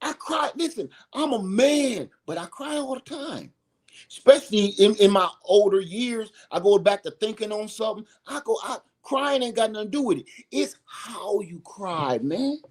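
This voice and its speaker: A man's voice: sits high, animated, moderate pace, a little mellow, husky. A middle-aged man talking straight to camera from home in a rambling, emphatic way, repeating his points. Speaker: video host. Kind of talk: casual opinion monologue.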